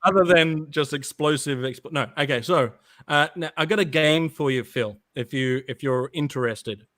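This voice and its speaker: A man's voice: fairly high pitch, moderate pace, a bit bright, dry recording. A man co-hosting a casual podcast chat, rambling with frequent laughs and restarts. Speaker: podcast co-host.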